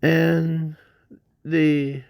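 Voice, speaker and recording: A man slowly narrating an improvised fan story, halting often with restarts and fillers. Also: on the high side, flat delivery, darkish tone, clean tone, no room sound.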